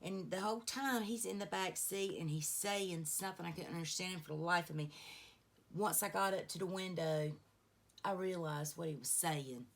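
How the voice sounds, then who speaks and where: In a get-ready-with-me beauty vlog, a middle-aged woman with a fairly low voice chats at a moderate pace. She rambles through stories, full of asides.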